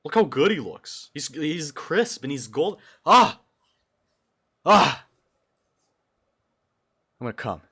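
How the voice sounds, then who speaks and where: A young man from Brazil chatting casually on a livestream, excitable and jumping between loud outbursts and low mumbles. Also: normal speed, hardly any pauses, husky. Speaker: streamer.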